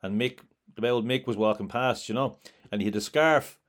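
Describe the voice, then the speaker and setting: A man's voice: medium pitch, normal speed. Man hosting a casual chat. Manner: brief, encouraging interjections. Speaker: host.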